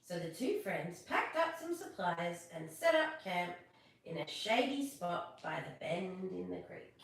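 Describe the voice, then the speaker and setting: A woman's voice: fairly low pitch, measured pace, creaky, distant mic. Give me a woman reading a children's story on a live stream, off-mic in an echoey room. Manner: expressive reading, greets viewers. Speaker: storyteller host.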